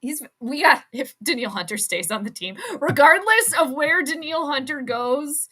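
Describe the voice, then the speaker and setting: Bright-voiced chatty woman livestreamer. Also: high-pitched, lively intonation, moderate pace. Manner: chatty, giggly, reacting to viewer comments with many fillers. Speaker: livestream host. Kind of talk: casual livestream chat on sports and astrology.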